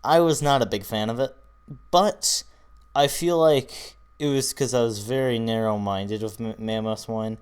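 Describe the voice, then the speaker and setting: Slightly slow and smooth, a mid-range male voice belongs to a weary young YouTuber going over his draft picks. His commentary is casual and profane, rambling with fillers, broken by frequent swearing and yawns.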